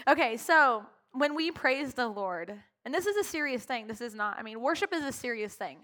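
A woman's voice: high-pitched, animated, normal speed, fairly bright tone. A woman leading worship in a church, talking off the cuff with emotion, often laughing, her speech full of "like.". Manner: emotional, laughing through her words, heavy use of "like". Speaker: worship leader. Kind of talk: impromptu church talk. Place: church sanctuary.

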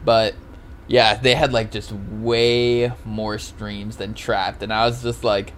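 A man's voice: fairly low pitch, little pitch movement, slow pace, fairly bright tone, slight background noise. A man co-hosting a podcast in loose, rambling casual chat, laughing often and swearing freely. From Oregon, US. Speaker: podcast co-host.

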